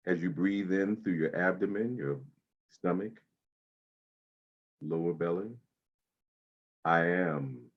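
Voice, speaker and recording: A man leading a guided breathing meditation, speaking slowly and soothingly with long pauses. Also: sits low, lo-fi sound.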